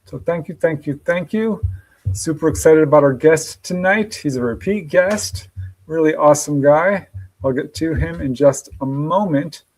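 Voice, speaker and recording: A man's voice: on the high side, moderate pace, darkish tone, rough recording. A man hosting a live podcast stream, upbeat and chatty, greeting viewers by name and laughing often. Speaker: podcast host. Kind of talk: casual livestream chat.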